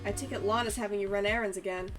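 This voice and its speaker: A woman's voice: mid-range voice, fairly even intonation, very fast, lightly acted. A woman reading aloud the lines of a brash male police detective who calls people pal. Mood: grumbling. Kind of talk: reading game dialogue aloud. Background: game music.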